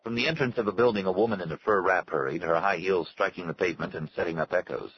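A man with a very low, deep voice reads a story aloud in a measured, unhurried way. The recording is a little dull, with a faint hiss behind him. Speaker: audiobook narrator. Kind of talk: scripted narration.

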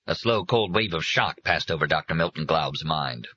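Husky low-voiced man reading a story. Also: lively intonation, normal speed, few pauses, bright, forceful tone. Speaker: audiobook reader. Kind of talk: scripted narration. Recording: dry, dull lo-fi recording.

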